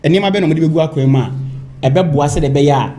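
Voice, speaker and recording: A man's voice: fairly high pitch, fast, a little hiss or hum. A man with a Ghanaian accent arguing politics as a panelist, reading out statements and pushing back when he is cut off. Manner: animated, reads out documents, protests interruptions. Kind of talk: heated political debate.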